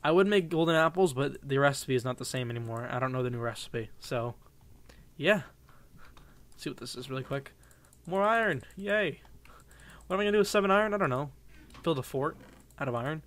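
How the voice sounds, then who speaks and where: A man's voice: mid-range voice, lively intonation, fairly quick, pauses often, fairly bright tone. A young man commenting casually on his own gameplay, rambling and joking with viewers in a goofy mood. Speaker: gaming channel host. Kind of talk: playing a game with live commentary.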